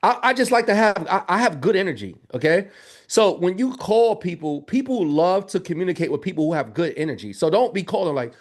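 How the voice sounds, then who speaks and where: A man teaching a live business training in an energetic, joking way, calling the audience "y'all.". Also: high-pitched, fairly quick.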